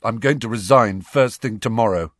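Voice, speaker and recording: A man's voice: on the low side, normal speed, no echo, clean studio sound, lightly acted. A man voicing a gloomy, self-blaming teenage boy wizard who mumbles in a dull voice, in a storybook reading. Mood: miserable.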